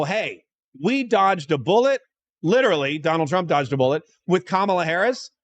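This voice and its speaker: Middle-aged male talk host, fairly high voice, lively storyteller who acts out the dialogue. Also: a little hiss or hum. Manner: animated storytelling, acts out quoted exchanges. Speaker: radio host and congressional candidate. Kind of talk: live conservative talk show monologue. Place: event studio.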